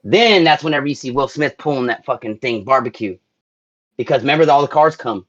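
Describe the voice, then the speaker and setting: A man's voice: medium pitch, animated, brisk, fairly bright tone. A man co-hosting a podcast in casual chat, swearing and losing his place in his notes. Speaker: podcast co-host. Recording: dull lo-fi sound.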